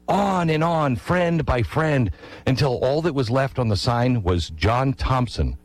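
A man tells history with emphatic force, his pitch rising and falling over a wide range. He keeps asking the listener pointed rhetorical questions. The recording is close and dry, with no room sound. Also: expressive, a little slow, no echo, rough recording. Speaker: history speaker. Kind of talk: storytelling history talk.

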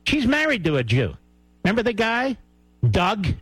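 A man's voice: sits high, wildly swooping pitch, moderate pace, fairly bright tone, breathy edge, no room sound, faint music behind, poor audio. A man hosting a talk radio show, giving heated, sarcastic and mocking commentary.

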